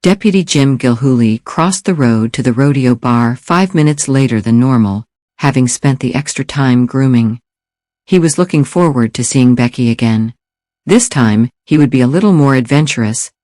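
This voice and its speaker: A man narrating an audiobook thriller in steady, even storytelling. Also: medium pitch, normal speed, no echo, clean studio sound. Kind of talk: scripted narration.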